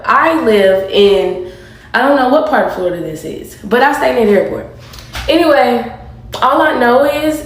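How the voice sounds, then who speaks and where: A woman's voice: on the high side, reverberant, poor audio. A woman in a loose, rambling social media rant.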